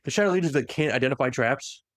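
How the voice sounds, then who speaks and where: A man in an easy, animated podcast chat, walking a co-host through a story and dropping into quick impressions of the characters. His voice sits in a middle range, and the recording is dry and close with no room sound. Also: medium pitch, no echo. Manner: animated retelling that slips into quick voiced quotes. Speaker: podcast host recapping lore. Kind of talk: casual lore recap chat.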